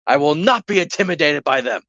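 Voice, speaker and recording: A man plays a furious middle-aged mafia boss, voice jumping high and loud as he roars threats at his crew. The recording is dull and dry, like a cheap mic close up. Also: animated, brisk, no echo. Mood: enraged. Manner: shouting threats, loud and menacing.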